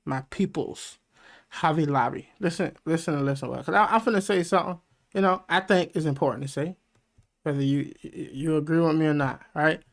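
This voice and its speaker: A man's voice: a little high, brisk, vocal fry. A man hosting a reaction video, commenting casually and animatedly with frequent swearing. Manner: animated, profane, laughing asides.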